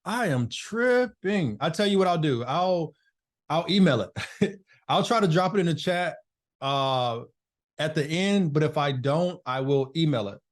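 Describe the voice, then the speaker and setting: A man teaching a business masterclass over a video call, his voice sitting fairly high for a man. He talks in a loose, chatty way and calls on participants by name. The call mic is his everyday setup. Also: expressive, a little slow. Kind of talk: casual live online class.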